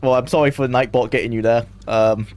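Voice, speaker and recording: A young man chatting loosely as he streams a game, rambling and quick to laugh. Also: mid-range voice, fairly even intonation. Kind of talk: casual live-stream gameplay commentary.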